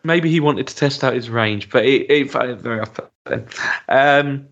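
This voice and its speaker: Chatty podcast co-host, full of ums. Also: male voice, medium pitch, moderate pace, gravelly, dull audio. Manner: chatty, hesitant with many ums, animated when joking. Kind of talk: casual chat reviewing a TV episode.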